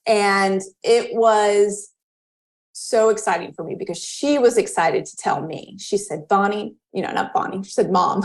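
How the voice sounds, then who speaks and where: A woman in her thirties, a podcast guest, telling a personal story in casual chat and acting out the quoted voices with lively jumps in pitch. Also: normal speed. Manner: animated, acts out quoted dialogue with pitch jumps.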